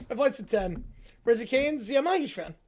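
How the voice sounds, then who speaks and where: A woman streamer talks through a live reaction with a high, swooping voice that climbs and dips all over. She keeps an unhurried pace but stays excitable, tossing out exclamations as she comments. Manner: animated, excitable, breaks into exclamations. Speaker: livestream host.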